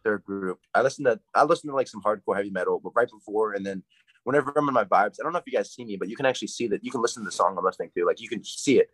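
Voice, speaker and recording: A young man, a college wrestler, chatting fast and hyped in a casual interview, rambling with lots of fillers. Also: fairly low pitch, fairly bright tone, dry recording, rough recording. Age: young adult.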